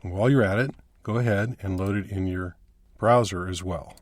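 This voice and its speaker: A man's voice: deep voice, moderate pace, no room sound, clean studio sound. A man instructor explaining a coding screencast step by step, in a plain teaching manner.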